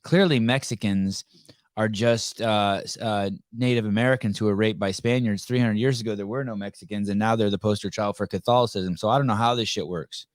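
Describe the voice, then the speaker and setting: Low-voiced blunt man hosting a live video podcast. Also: steady tone, brisk, dry recording, clean studio sound. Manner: blunt, profane, joking. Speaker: podcast host. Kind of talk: casual live video-call chat. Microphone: video call.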